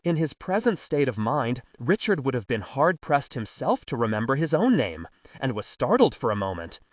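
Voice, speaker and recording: A man narrating an audiobook in an expressive storytelling manner. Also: medium pitch, normal speed, no echo, clean studio sound, far from the mic. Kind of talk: scripted narration.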